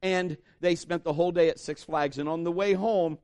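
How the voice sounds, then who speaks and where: A man preaching a sermon, telling jokes and stories and breaking into loud shouted impressions. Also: on the high side, moderate pace, smooth. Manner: animated, jokey storytelling with shouted impressions. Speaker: pastor.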